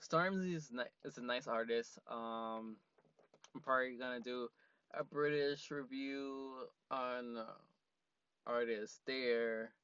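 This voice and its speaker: A man's voice: mid-range voice, takes it slowly, fairly bright tone, clean tone, dry recording, muffled recording. A man hosting a casual solo podcast from a parked car, rambling with lots of fillers and frequent laughs. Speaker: podcast host.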